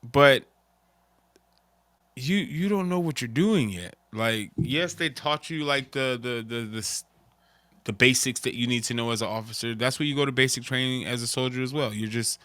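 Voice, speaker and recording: A man's voice: medium pitch, normal speed, sharp tone, dry recording. A man who served in the Army, co-hosting a casual chat in an emphatic, slangy way. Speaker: podcast co-host, Army veteran.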